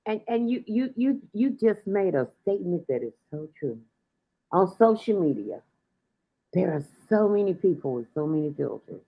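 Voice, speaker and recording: A woman's voice: lowish voice, big pitch swings, moderate pace. A woman hosting an internet radio interview, answering her guest with affirming, encouraging replies. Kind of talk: interview chat. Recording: muffled lo-fi livestream audio.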